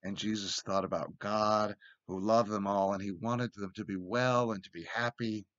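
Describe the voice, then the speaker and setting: A man giving a children's sermon in gentle, simple words, reading a storybook aloud. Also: on the low side, steady tone, normal speed, dry recording, lo-fi sound. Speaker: church children's sermon leader. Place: church, recorded remotely.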